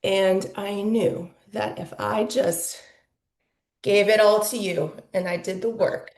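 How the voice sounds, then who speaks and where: A woman's voice: mid-range voice, fairly even intonation, takes it slowly, vocal fry, darkish tone, echoey room. A woman in her forties telling her personal story as a podcast guest, candid and emotional, with lots of "like" fillers. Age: 40s.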